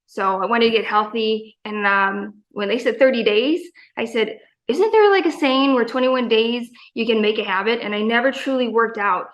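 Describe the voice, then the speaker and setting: A woman's voice: a little high, fairly even intonation, normal speed, hardly any pauses, fairly bright tone, rough recording. A woman in her forties, a gym member talking in a casual interview, enthusiastic and rambling, full of fillers and quoted asides.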